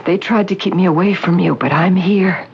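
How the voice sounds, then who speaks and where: An actress playing a scheming woman who poses as a gentle mother, speaking in a soft, coaxing, soothing way, in 1970s radio drama acting. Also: on the low side, normal speed, gravelly. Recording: dull old radio recording, faint hiss.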